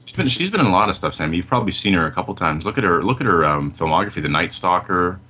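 Deep, lively man trading film trivia. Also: fast, slightly rough. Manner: short interjections, trivia recall, laughs. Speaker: podcast co-host. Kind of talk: casual film chat.

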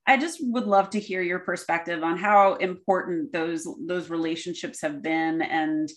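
A woman's voice: fairly low pitch, fairly even intonation, normal speed. A woman hosting an interview, friendly and encouraging as she sets up open questions. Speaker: interview host. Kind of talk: casual interview.

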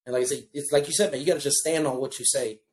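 A young man tells stories quickly in a casual chat. He swears freely, pads his talk with fillers, and keeps the telling animated. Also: medium pitch, roomy sound. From Houston, Texas. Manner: profane, animated storytelling with many fillers.

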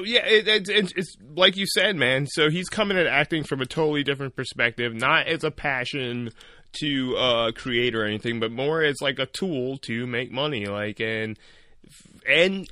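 Young man, podcast co-host, rambling storyteller, bright tense tone, dry close sound. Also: mid-range voice, no room sound. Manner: rambling, animated retelling with filler words. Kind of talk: casual storytelling chat.

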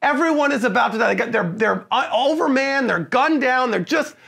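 A man co-hosting a casual film review podcast, ranting with profanity, laughing through his complaints and mocking the characters in quick put-on lines. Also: very high-pitched, lively intonation, gravelly, a bit bright. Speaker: podcast co-host.

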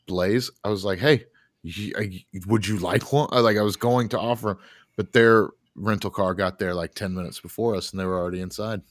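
A man's voice: lowish voice, no echo, studio quality. A man co-hosting a podcast, telling a rambling story in a laid-back, casual way with casual swearing. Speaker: podcast co-host.

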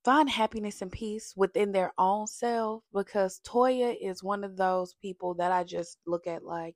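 A woman giving a casual, sassy recap of a reality TV show, animated and full of slang, jumping between topics. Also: mid-range voice, normal speed, hardly any pauses, no echo, clean studio sound.

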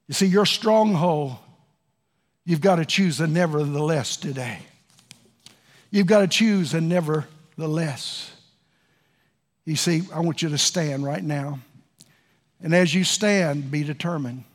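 A man preaching a sermon to a congregation, moving from hushed pleading to shouting. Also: a little high, a little slow, long pauses. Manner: preaching with swings from soft to shouting. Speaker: pastor. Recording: long hall reverb with faint music.

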